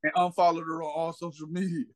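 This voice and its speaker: A man holds forth in loose podcast banter, swearing freely and leaning on "you know what I'm saying." When he retells a clip he acts out each person, his voice leaping high and dropping low. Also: quick pace. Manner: animated storyteller, acts out quotes with big pitch jumps. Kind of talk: casual chat.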